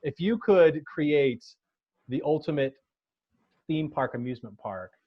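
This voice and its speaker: Man, American, podcast host, casual and jokey, slightly high voice, dull lo-fi recording. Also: measured pace, husky. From United States. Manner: jokey, laughs often, many restarts. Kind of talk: casual chat. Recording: dull lo-fi sound.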